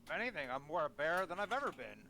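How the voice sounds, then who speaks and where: A man voicing a gentle, kindly male bear-formed humanoid in a tabletop game, rambling a little. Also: on the high side, very animated, very fast, gravelly, slight background noise, heavily acted.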